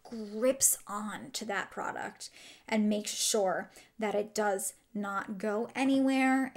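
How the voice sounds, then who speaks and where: A woman beauty vlogger chatting enthusiastically through a product review while she demonstrates makeup. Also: on the high side.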